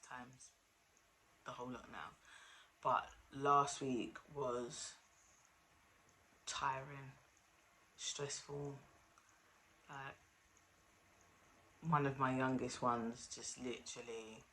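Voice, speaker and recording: A woman's voice: rumbling low, fairly bright tone, slight background noise. A woman hosting her own vlog, talking in a candid, rambling, self-deprecating way and sounding weary. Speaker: vlog host. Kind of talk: casual confessional chat.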